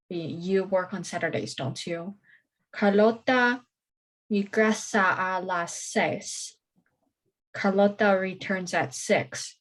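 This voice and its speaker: Slow, careful woman student reading aloud. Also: medium pitch, rough recording. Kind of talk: reading aloud in online class. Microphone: video call.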